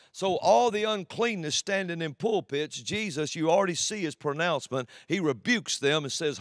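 A man preaching a sermon with emphatic swings between loud declarations and quiet asides. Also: fairly high pitch, expressive, normal speed, hardly any pauses, dry recording, clean studio sound.

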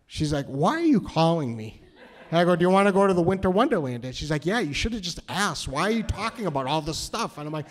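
A man from New Hampshire telling a story on stage, nervous and halting, with many restarts. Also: fairly high pitch, big pitch swings. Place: cultural center hall, live audience.

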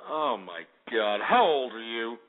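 A man's voice: mid-range voice, lively intonation, measured pace, a little hiss or hum. A man hosting an internet call-in radio show, ranting at and insulting his callers and cutting them off abruptly. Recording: lo-fi phone-like internet radio audio.

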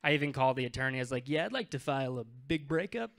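Bright-voiced man in his twenties doing stand-up. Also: medium pitch, lively intonation, rapid-fire, slight background noise. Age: 20s. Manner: conversational, self-deprecating, acts out dialogue. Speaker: stand-up comedian. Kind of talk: stand-up comedy set. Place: comedy club stage.

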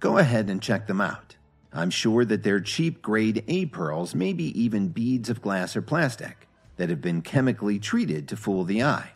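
A man's voice: lowish voice, sing-song, measured pace, creaky, slightly rough, soft background music, exaggerated voice. A man voicing a confident young man who mocks others and speaks with scorn. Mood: scornful. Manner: mocking, confident.

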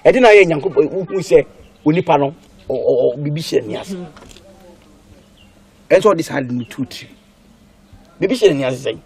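A man's voice: fairly high pitch, animated, moderate pace, pauses often, a little mellow, husky. An actor playing a stern man who lectures his family in a film drama. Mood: lecturing.

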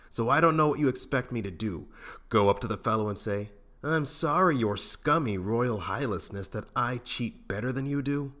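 A man's voice: lowish voice, a bit bright. A man doing a cocky, grumbling smuggler. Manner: sarcastic, grumbling. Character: cocky, stubborn male smuggler, middle-aged. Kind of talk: fan audiobook reading.

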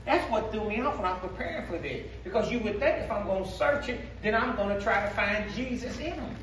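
A male pastor with a Black speech pattern preaches in a call-and-response style, his high voice climbing into shouts. He sounds set back from the microphone, and the sanctuary echoes around every line. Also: lively intonation, a little fast, far from the mic, a little hiss or hum. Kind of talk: sermon. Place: church sanctuary.

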